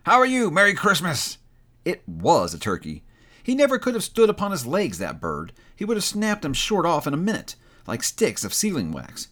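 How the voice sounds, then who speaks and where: A man narrating a classic story aloud with expressive, animated delivery. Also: fairly high pitch, normal speed.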